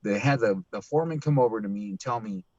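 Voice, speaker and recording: A man telling a long story in casual, profane chat, animated and swearing often, with a dull lo-fi mic sound. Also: on the low side, fast talker, no room sound.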